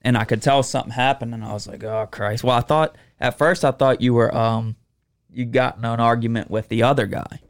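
A man with a smooth, clear voice at a medium pitch, chatting casually on a podcast. He tells what happened in an easygoing way and laughs along with his co-host. The studio sound is dry. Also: fairly even intonation, a little fast, no room sound. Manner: easygoing, laughs along, recounts events plainly. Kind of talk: casual chat.

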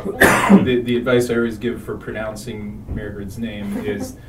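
A man's voice: on the low side, level tone, normal speed, a bit bright, roomy sound, distant mic, a little hiss or hum, poor audio. A man guest in a casual podcast chat, making dry, wry remarks.

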